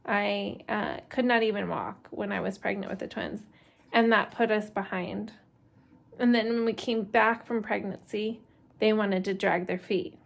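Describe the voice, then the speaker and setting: This homeschooling mother, in her thirties, vlogs a loose, rambling chat as she does laundry at home, dropping in many fillers and nervous laughs. Her medium-pitched voice stays steady and a little slow, with vocal fry. The recording is rough.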